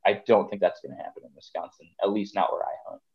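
Rambling low-voiced man, lo-fi sound. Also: steady tone, quick pace, creaky. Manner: rambling, conversational, many fillers. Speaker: podcast guest, deer hunter. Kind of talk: casual podcast chat.

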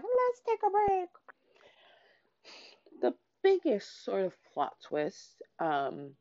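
Low-pitched woman, casual book recap, excitable and sweary, dry slightly lo-fi audio. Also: dry recording. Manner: excitable, swears freely, lots of "like" fillers. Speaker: book reviewer. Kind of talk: casual spoiler-filled book chat.

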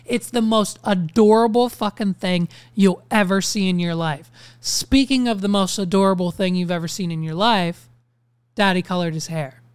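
A young man hosting a podcast, telling stories in a casual monologue full of swearing and animated ranting. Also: high voice, normal speed, smooth, dry recording. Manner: ranting, profane, animated storytelling. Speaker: podcast host.

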